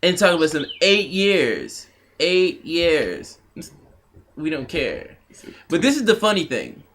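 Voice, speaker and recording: A man co-hosting a comedy vlog, chiming in with deadpan, profane remarks. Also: on the high side, slow. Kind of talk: casual storytelling.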